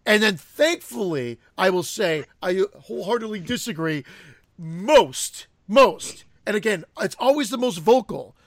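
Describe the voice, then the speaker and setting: A man's voice: high voice, expressive, a little slow, a bit bright, no echo, clean studio sound. A man in a casual podcast chat, ranting in heated, profane bursts.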